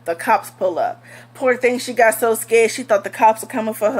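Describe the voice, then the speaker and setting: A woman's voice: medium pitch, steady tone, moderate pace. A young woman telling a storytime vlog in a blunt, heated, profane way. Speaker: vlogger.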